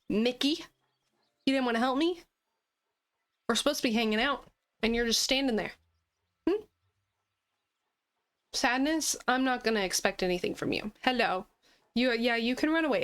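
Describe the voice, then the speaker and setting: Slow-talking high-voiced woman gamer. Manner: chatty and animated, laughing often. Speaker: gaming video host. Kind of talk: casual chat while playing a game. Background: faint game music.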